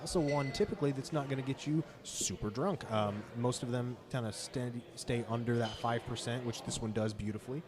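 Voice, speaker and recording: A man of middle pitch hosts the tasting, introducing each beer in a smooth, upbeat way. A busy crowd murmurs clearly behind him. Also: brisk, hardly any pauses. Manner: enthusiastic, reads descriptions smoothly. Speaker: podcast host. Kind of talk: hosting a beer tasting show.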